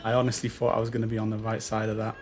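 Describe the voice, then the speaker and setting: A man's voice: fairly low pitch, completely flat delivery, racing, faint music behind. A man giving casual, self-deprecating commentary while playing a racing game, swearing and laughing at his own mistakes. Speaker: gaming YouTuber.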